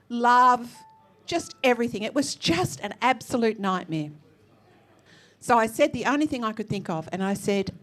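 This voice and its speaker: An Australian woman telling a personal story on stage in a lively, expressive way, acting out the people she quotes. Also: fairly high pitch. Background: faint musical accompaniment.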